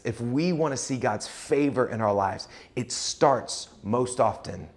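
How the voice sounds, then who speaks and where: A male pastor preaching a sermon in a conversational way, acting out quoted voices with dramatic shifts. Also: lowish voice.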